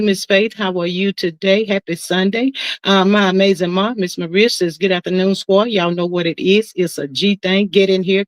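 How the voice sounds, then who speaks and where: Woman host on a live stream chatting with her viewers, mid pitch, dry close mic, lots of "honey" and "child", sing-songy welcomes. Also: dry recording, low-quality recording. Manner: sing-song, drawn-out calls of "come on in the room"; Southern-style endearments like "child" and "honey". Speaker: livestream host. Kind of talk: casual live-stream chat reading comments.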